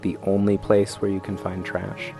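A man's voice: deep voice, monotone, normal speed, gravelly, music in the background. A man co-hosting a science podcast for kids, playful and jokey. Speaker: co-host.

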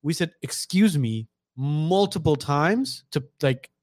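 A man's voice: a little high, lively intonation, slow pace, a little mellow, dry recording, studio quality. A young man hosting a casual podcast chat, slangy and laid-back, often repeating himself. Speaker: podcast host.

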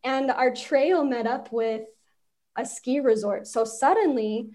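A woman's voice: high-pitched, slow pace, mellow. A woman from Utah, a podcast guest, telling personal stories in casual conversation and laughing often as she talks.

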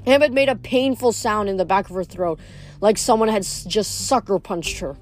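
A woman reading a novel aloud in steady narration, now and then stumbling over a word. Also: mid-range voice, a little fast, faint music behind. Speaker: reader.

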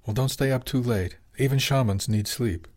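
A man voicing a gentle, affectionate wife who talks in a warm, reassuring way. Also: mid-range voice, moderate pace, close to an everyday voice. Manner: warm, reassuring, softly teasing. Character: affectionate wife, middle-aged woman, gentle.

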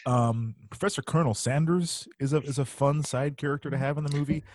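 A man's voice: fairly high pitch, fairly even intonation, a little fast, a little mellow. A man co-hosting a casual podcast about a movie, chatty, laughing often and swearing freely. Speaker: podcast co-host.

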